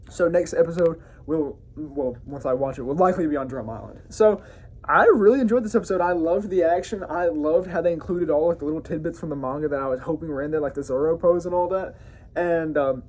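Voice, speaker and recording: A man's voice: on the high side, a little mellow, a little hiss or hum. A man hosting his own review show, giving a loose, casual recap of an episode with frequent self-corrections and enthusiastic asides.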